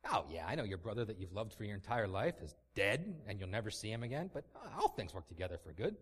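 A man's voice: lowish voice, big pitch swings, racing, warm tone, breathy edge, pitched below the performer's own voice. A man putting on the voice of a glib, preachy man who offers tidy platitudes in a mocking, sing-song tone.

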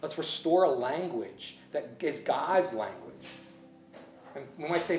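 A male pastor preaching in a loose, musing way, often correcting himself mid-sentence. His voice sits a little high for a man. It rings through an echoey room over a faint hum of background ambience. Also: expressive, measured pace. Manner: conversational, musing, self-correcting. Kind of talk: sermon.

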